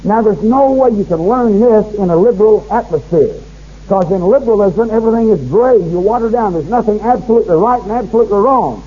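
A man's voice: high-pitched, brisk, narrow, tinny audio. A man preaching a fervent sermon, reading scripture aloud and rising in force as he warns his listeners.

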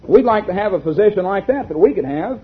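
Husky high-voiced preacher. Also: male voice, lively intonation. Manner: slow, rhetorical questions. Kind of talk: sermon with read-aloud story. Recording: lo-fi tinny recording.

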